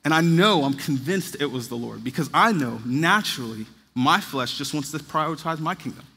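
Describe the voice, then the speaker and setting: A man in his thirties delivers an earnest, conversational sermon in a bright, forceful voice with a husky edge. His voice sits a little high for a man, and it rings with the long reverb of a large hall. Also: lively intonation, normal speed. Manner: earnest, conversational preaching with acted quotes. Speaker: pastor.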